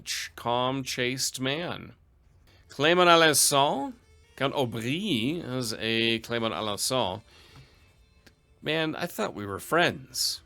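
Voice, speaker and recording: Bright-voiced man narrating gameplay. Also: mid-range voice. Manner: dry, wry asides, reads event text aloud. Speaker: let's play host. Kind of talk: gameplay commentary reading event text.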